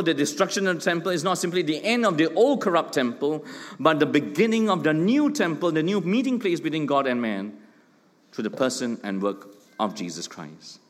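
A middle-aged man, preaching a sermon with emphatic points, rhetorical questions and joking asides. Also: on the high side. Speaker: pastor. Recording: long hall reverb.

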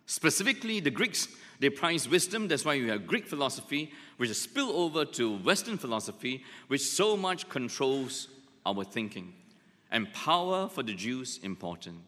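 A man's voice: medium pitch, sharp tone, long reverb tail. A male pastor preaching a sermon, driving points home with repetition and dropping in jokes. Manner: emphatic, repeats points, joking asides.

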